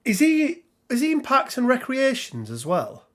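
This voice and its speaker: A man's voice: extremely high pitch, wildly swooping pitch, moderate pace, fairly bright tone. A middle-aged man from England hosting a casual live stream, rambling and greeting viewers by name. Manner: chatty, rambling, reads out viewer names. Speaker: host.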